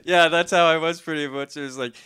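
A man's voice: a little high, fairly even intonation, fairly quick, a crowd in the background. A young man telling a story in casual chat, rambling with lots of "like", laughing often and acting out the voices.

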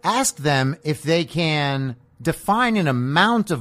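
Male podcast host, sarcastic profane rant, lively swinging pitch, somewhat high voice. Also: slow pace, hardly any pauses. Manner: combative, sarcastic, profane ranting. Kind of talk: political commentary monologue.

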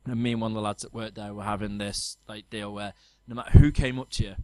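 A man's voice: fairly low pitch, quick pace, dry recording. Chatty man telling stories. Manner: animated storyteller, laughs often. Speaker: podcast co-host. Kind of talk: casual chat.

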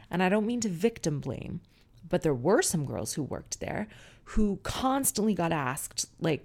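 A middle-aged woman hosts her own podcast in a relaxed solo monologue. Her voice sits on the low side with a gravelly, creaky edge. She tells stories frankly and chattily, with casual swearing. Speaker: podcast host.

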